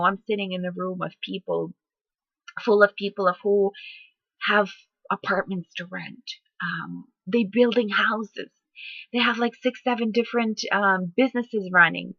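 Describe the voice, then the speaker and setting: A woman's voice: mid-range voice, no room sound, dull audio. Fervent woman giving a motivational talk. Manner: energetic, fervent, repeats herself. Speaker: home business vlogger.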